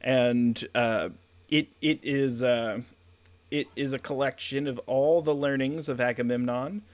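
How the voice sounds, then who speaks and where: A man's voice: medium pitch, steady tone, measured pace, dry recording. A man running a tabletop game as game master, rambling through descriptions with fillers and jokey asides.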